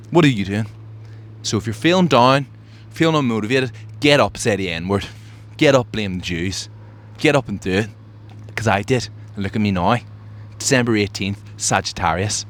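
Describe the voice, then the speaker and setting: A man's voice: fairly low pitch, moderate pace. A man hosting a podcast, talking in a boastful, brash, mock-grandiose comedic monologue. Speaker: podcast host.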